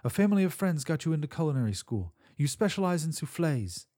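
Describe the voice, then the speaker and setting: A man doing a badly burned female starship captain in an audiobook, giving orders in a raised, lively voice. She stays steady and commanding under pressure, and her tone is soft and husky. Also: on the high side, fast, voice pushed up. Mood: calm.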